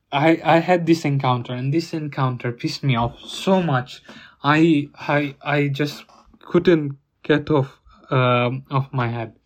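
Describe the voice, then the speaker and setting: Indignant young man ranting about his day. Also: mid-range voice. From Italy. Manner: indignant, rambling retelling with restarts. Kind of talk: storytime monologue.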